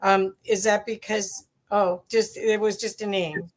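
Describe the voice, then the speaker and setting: A woman's voice: mid-range voice, fairly even intonation, unhurried. Hesitant woman host asking questions. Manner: hesitant, searching for words. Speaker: host, interviewer. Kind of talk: casual interview questions.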